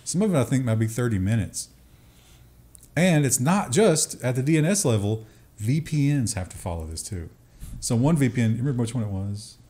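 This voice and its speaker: A man's voice: mid-range voice, expressive, a little fast, mellow. Man, casual tech news co-host, joking, chatty, mocking voices.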